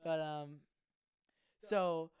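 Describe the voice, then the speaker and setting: Young man with a smooth, profane ramble. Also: a little high, very slow. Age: young adult. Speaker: podcast co-host. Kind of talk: casual chat.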